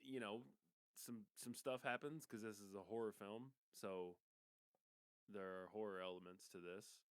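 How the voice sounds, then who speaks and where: A man co-hosting a casual movie review podcast, easygoing and quick to laugh. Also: lowish voice, clear, resonant tone, dry recording. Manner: laughs easily, relaxed storytelling. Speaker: podcast co-host.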